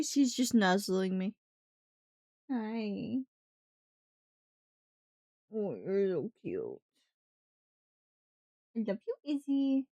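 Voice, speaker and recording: A woman's voice: mid-range voice, big pitch swings, drawn-out words, long pauses, mellow, no room sound. A woman streamer chatting casually on a livestream, cooing baby talk at her cats and teasing them with casual swearing.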